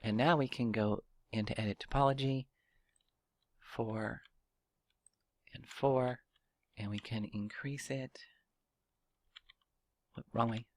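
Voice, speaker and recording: A man's voice: mid-range voice, steady tone, slow pace, pauses often, no room sound. A man giving a casual step-by-step 3D modeling tutorial while thinking aloud, with fillers and restarts. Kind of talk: casual screen-recorded software tutorial.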